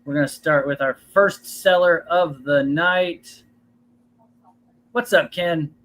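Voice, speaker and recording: A man's voice: on the high side, slow pace, a bit bright, rough recording. A man hosting a live comic auction stream, telling a casual story in a chatty way before starting the show. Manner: chatty storytelling, laughs easily. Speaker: auction host.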